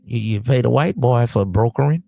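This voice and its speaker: A man's voice: medium pitch, lively intonation, moderate pace, gravelly, mellow, dry recording, muffled recording, faint music behind. A man hosting a late-night podcast stream in a casual monologue, handing out streetwise, preachy advice to the young men he calls his nephews. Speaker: podcast host.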